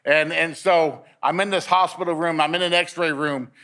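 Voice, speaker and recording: A man's voice: fairly high pitch, fairly even intonation, normal speed, sharp tone. A man giving a personal testimony at a men's meeting, telling his story in a storytelling way and repeating words as he gets caught up in it.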